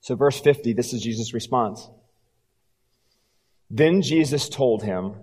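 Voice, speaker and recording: A pastor preaching a sermon, telling the story and dropping low and quiet for emphasis. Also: male voice, measured pace, pauses often, husky, in a large hall.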